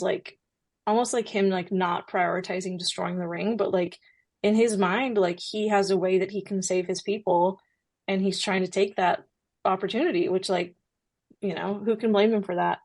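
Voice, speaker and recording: A woman in a casual podcast discussion, talking in a relaxed way with many "like"s. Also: medium pitch, normal speed. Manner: relaxed, heavy use of "like". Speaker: podcast co-host.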